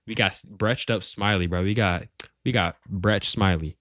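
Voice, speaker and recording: At home, with family around, a gaming clan leader ranks the members of his group in a casual tier-list commentary that rambles and is packed with slang and swearing. His voice is on the low side, a bit bright, and unhurried, recorded with clean studio sound and no echo.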